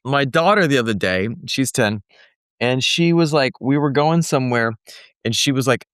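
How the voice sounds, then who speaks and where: A man's voice: medium pitch, animated, moderate pace, fairly bright tone, smooth, no room sound, studio quality. A man hosting a podcast interview, laid-back and laughing often as he retells everyday moments. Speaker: podcast host. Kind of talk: conversational interview.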